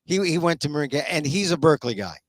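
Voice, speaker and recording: A man's voice: a little high, sing-song, no echo. A man hosting a talk show, chatting casually and agreeably with a guest. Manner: conversational, agreeable, frequent quick affirmations. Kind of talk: casual chat.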